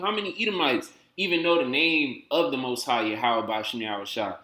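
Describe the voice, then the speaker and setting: Male reaction host, emphatic casual delivery, bright tone, roomy echo. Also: a little high, lively intonation, brisk, few pauses. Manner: conversational, emphatic, streetwise slang. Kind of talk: casual commentary.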